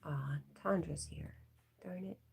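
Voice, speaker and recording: A woman with a low, husky voice hosts a relaxed livestream. She reads viewers' comments out loud and answers them in an easy, chatty way, laughing often. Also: slow pace. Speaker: livestream host. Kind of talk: casual livestream chat.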